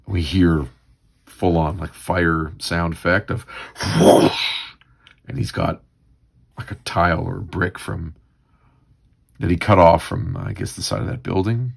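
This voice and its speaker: Deep-voiced male host, husky and gravelly, rambling livestream commentary with lively ups and downs. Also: measured pace. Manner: musing, rambling, with fillers. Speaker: comics read-through host.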